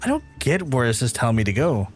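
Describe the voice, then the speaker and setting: A man's voice: medium pitch, big pitch swings, quick pace, faint music behind. Rambling, swearing Belfast man streaming. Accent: Belfast, softened. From Northern Ireland. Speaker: game streamer. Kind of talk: casual live-stream chat while playing.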